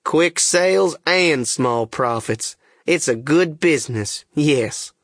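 A man voicing a sly male swindler called the duke, speaking in a slow, wry drawl in an audiobook reading. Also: on the high side, expressive, breathy edge, no room sound, studio quality. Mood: sardonic. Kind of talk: audiobook character voice.

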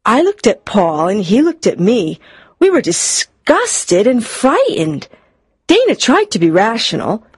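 A woman narrating a storybook reading, expressive and clear for learners. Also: fairly high pitch, unhurried, dry recording, studio quality. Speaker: audiobook narrator.

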